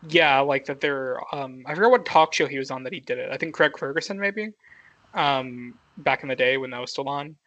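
A man's voice: medium pitch, a little fast, fairly bright tone, dry recording, highs cut off. A young man co-hosting a podcast, rambling casually with lots of fillers and frequent laughs. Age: young adult. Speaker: podcast co-host.

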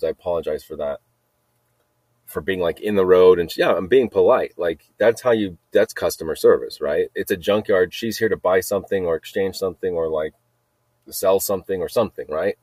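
A man's voice: low-pitched, moderate pace, a little mellow, no echo. A middle-aged man telling a story in a rambling casual monologue, repeating himself and laughing at his own jokes. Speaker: podcast host telling a story.

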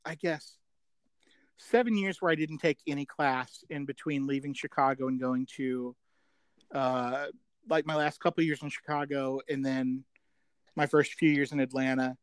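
A man's voice: on the high side, little pitch movement, clean tone, no echo, low-quality recording. A middle-aged man as a podcast guest, reminiscing in casual chat, rambling with many fillers and joking at his own expense. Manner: chatty, rambling, full of 'um' fillers; self-deprecating, quick to joke.

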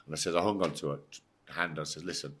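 A man's voice: a bass voice, fairly even intonation, fast talker, fairly bright tone, slightly rough. A middle-aged English man, a former footballer, telling his story bluntly and emphatically in a casual interview, swearing and acting out the dialogue. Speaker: podcast guest, former footballer.

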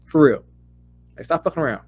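A man co-hosting a casual sports podcast, heated and profane, his voice climbing into loud rants. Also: on the high side, lively intonation, a little fast, slightly rough. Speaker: podcast co-host.

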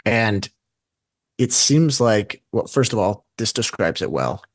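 A man's voice: lowish voice, animated, slow, no echo. A man co-hosting a casual investing show, talking in a rambling way and often correcting himself mid-sentence. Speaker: podcast co-host.

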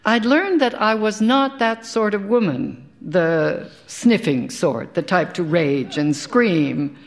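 A woman's voice: lowish voice, animated, slow pace, gravelly. A woman, an actor, giving a live dramatic reading of a first-person short story, in a wry, conversational way with dry asides. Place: live stage performance.

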